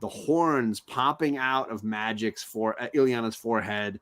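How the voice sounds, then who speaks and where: A man's voice: mid-range voice, a little slow, fairly bright tone. A man with a mid-range voice hosts a live stream about comic books. He is casual and enthusiastic, often checking in with his co-host by tagging "right?" onto his points. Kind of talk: casual comic book discussion.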